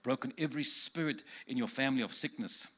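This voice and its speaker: A man preaching in a church, speaking prophetic words over people in the congregation one at a time. His voice is bright and forward, and he moves easily between joking and earnest blessing. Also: mid-range voice, fast. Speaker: guest preacher.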